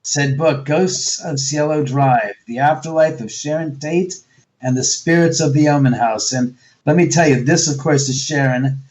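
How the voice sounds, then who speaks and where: A man being interviewed as a guest author, telling stories casually and acting out quotes with sudden jumps in his voice, speaking over a video call. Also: normal speed. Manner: animated, acts out quotes with jumps in pitch.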